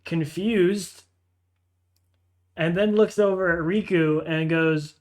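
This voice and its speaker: A man's voice: high voice, takes it slowly, pauses often, a little mellow. A man narrating a tabletop game as game master, hesitant, with frequent fillers and restarts.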